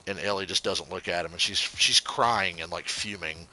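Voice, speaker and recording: A man's voice: low-pitched, normal speed, sharp tone, a little hiss or hum. A man giving casual gameplay commentary, rambling and swearing freely, and getting heated as he goes. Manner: rambling, profane, gets heated. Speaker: let's play gamer.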